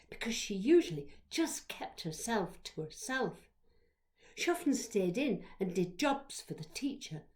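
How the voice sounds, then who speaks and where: On the high side in pitch, a woman reads a memoir of her childhood aloud. Her storytelling is expressive, veering between whispered hush and loud exclamation.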